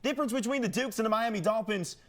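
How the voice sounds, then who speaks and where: A man co-anchoring a high school football highlights show, calling plays with energetic, joking punch. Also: quick pace. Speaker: sports news co-anchor.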